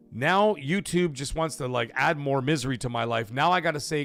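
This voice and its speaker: A man's voice: medium pitch, animated, moderate pace, a bit bright, faint music behind. A man hosting a casual live stream, talking animatedly, swearing freely and reading viewer messages aloud. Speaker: livestream host.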